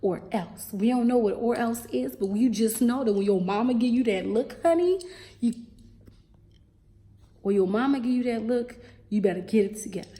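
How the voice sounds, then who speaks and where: A young woman with a Baltimore accent talks straight to camera in a casual vlog, sassy and animated. Her voice sits a little high yet sounds warm and mellow. She slips into local dialect and drops in "baby" and "honey" as she tells her stories. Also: brisk. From Baltimore, USA. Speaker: teacher vlogger.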